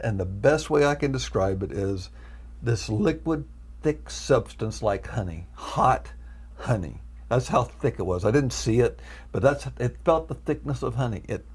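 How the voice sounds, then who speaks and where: A man giving an earnest, emotional personal testimony. He is a guest, and at times his telling rises into loud, high pleading. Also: breathy edge.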